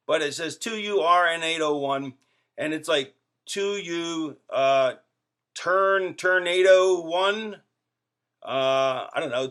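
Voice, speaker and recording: A middle-aged wrestler vlogs to his fans on a camera facing him, rambling jokily with plenty of fillers and asides. His voice is fairly high with a sharp tone.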